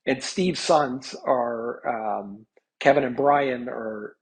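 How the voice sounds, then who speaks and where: A man's voice: mid-range voice, slow pace, slightly rough, poor audio. A man in his fifties, a hockey analyst, telling stories in a chatty podcast interview, with many restarts.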